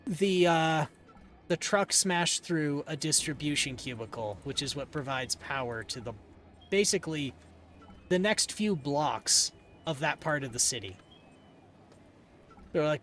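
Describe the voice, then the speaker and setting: A man streaming a game and telling a rambling story in a casual, dry, deadpan way. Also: on the high side, measured pace, pauses often, faint music behind. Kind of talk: casual storytelling while gaming.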